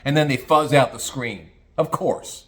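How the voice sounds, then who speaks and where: A man's voice: medium pitch, unhurried, a bit bright. An older retired man ranting crudely and mockingly in a casual monologue, telling stories and slipping into put-on voices. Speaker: vlogger. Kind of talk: casual rant.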